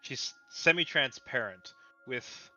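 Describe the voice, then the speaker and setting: Male game master with a bright tone and relaxed, laid-back narration on a slightly lo-fi recording. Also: medium pitch, slow, soft background music. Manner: relaxed, laughs easily, loose descriptive narration. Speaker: dungeon master.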